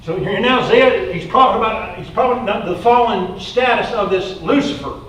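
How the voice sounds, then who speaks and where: Male pastor, high voice, loose chatty sermon, distant mic, faint hiss. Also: a little fast, a bit bright. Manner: conversational preaching with fillers, reading scripture aloud. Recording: roomy echo, distant mic, faint noise.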